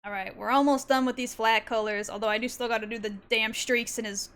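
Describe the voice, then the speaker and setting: A woman's voice: on the high side, steady tone, a little fast, fairly bright tone, clear, resonant tone. A young woman from southern Canada, chatting while drawing on stream in a put-on Southern US accent, playful and teasing. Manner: playful, teasing, bursts of silly sing-song noises. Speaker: art streamer. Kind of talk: casual chat while drawing.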